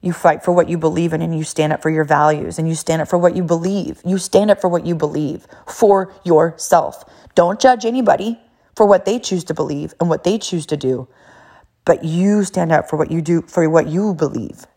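A woman's voice: low voice, normal speed, mellow. A middle-aged woman, a mother, telling a personal story in an emphatic, repetitive way.

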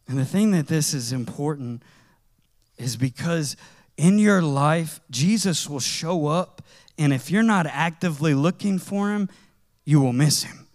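A man preaching a sermon in a conversational, animated way, with casual slang as he tells stories. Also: on the high side, measured pace.

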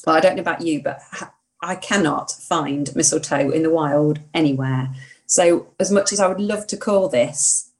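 A woman with a fairly low voice co-hosts a casual podcast. She talks enthusiastically and laughs often. She sometimes fires off quick questions. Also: a little mellow. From England. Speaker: podcast co-host, hedge witch. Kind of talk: casual chat.

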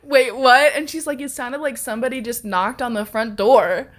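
A woman's voice: fairly high pitch, moderate pace, hardly any pauses. Laughing woman telling a spooky story. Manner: laughs often, swears freely, acts out quotes. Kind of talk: casual chat, telling a ghost story.

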